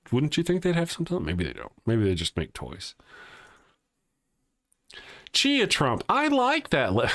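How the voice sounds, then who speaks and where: A man's voice: fairly high pitch, fairly bright tone. A man hosting a casual live morning show, reading viewer comments aloud and joking, often chuckling as he talks.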